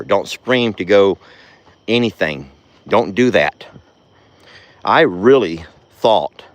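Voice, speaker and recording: A man's voice: low voice, no room sound. A man, running a ranch vlog and chatting folksily to his animals and his viewers. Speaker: ranch vlogger. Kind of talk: casual vlog chat. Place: outdoors on a ranch at night.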